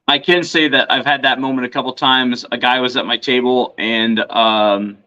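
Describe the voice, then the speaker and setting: A man's voice: mid-range voice, fairly even intonation, normal speed, sharp tone, highs cut off. A man guesting on a podcast, telling stories in a rambling, casual way full of fillers and restarts. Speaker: podcast guest, reptile vendor. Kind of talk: casual storytelling chat.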